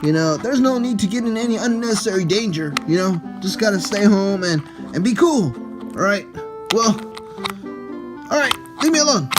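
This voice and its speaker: A man's voice: high-pitched, expressive, normal speed, music in the background. A man voicing a laid-back male toy raccoon who avoids danger, in a drawling, easygoing way.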